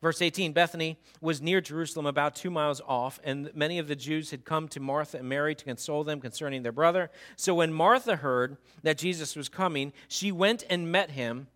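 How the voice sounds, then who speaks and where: A male pastor preaching a sermon in a church, dramatic, swinging from hushed talk to shouting. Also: fairly high pitch, a little fast, few pauses.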